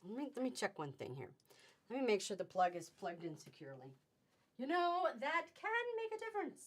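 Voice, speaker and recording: A woman's voice: fairly high pitch, very animated, a little fast. Chatty upbeat woman selling fabric. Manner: chatty, upbeat, sing-song exclamations. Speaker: live sale host. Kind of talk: live-stream selling chat. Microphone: webcam.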